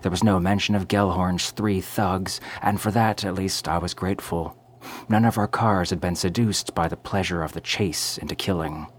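A man narrating a first-person story in a measured, brooding way. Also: deep voice, steady tone.

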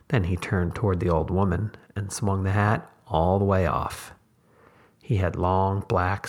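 A man, the host, reading a short story aloud in measured, unhurried scripted narration. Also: low-pitched, slightly rough.

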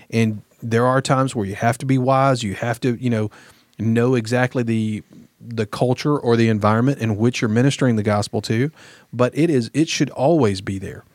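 A man's voice: mid-range voice, moderate pace, darkish tone, dry recording, clean studio sound. A man talking earnestly as a guest host on a casual podcast, with many fillers.

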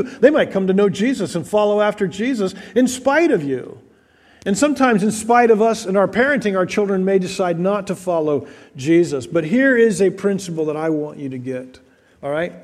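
A male pastor preaching a sermon in an earnest way, repeating words and slowing down for emphasis. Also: high-pitched, in a large hall.

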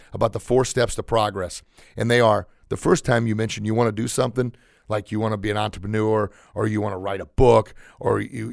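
A man's voice: mid-range voice, vocal fry, dry recording, clean studio sound. A man hosting a podcast, giving an emphatic, conversational motivational talk that repeats its key points. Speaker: podcast host, motivational speaker.

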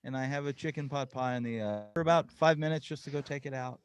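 A man's voice: medium pitch, fast talker. A man hosting a podcast in casual chat, rambling and joking with lots of fillers. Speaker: podcast host.

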